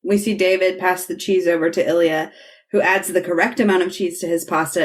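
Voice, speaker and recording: A woman's voice: fairly low pitch, steady tone, a little fast. A woman hosting a podcast, recapping a TV episode in casual chat and acting out the characters' lines as she retells scenes. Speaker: podcast host.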